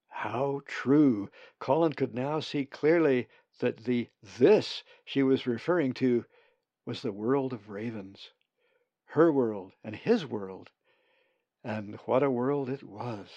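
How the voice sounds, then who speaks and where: A man narrating a storybook in a slow, measured read. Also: medium pitch, vocal fry, darkish tone, no room sound. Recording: dull lo-fi recording, dry.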